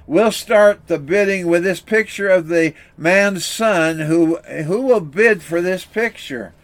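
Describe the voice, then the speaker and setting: A man's voice: high-pitched, slow pace. A man doing an insistent auctioneer calling bids. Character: persistent male auctioneer at an estate sale.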